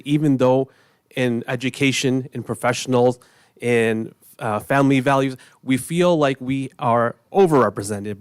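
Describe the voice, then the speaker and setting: Man, middle-aged, public comment, earnest, emotional, halting, dry recording. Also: medium pitch, no room sound. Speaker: resident speaking at public comment. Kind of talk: public comment at a village board meeting. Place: village board meeting room.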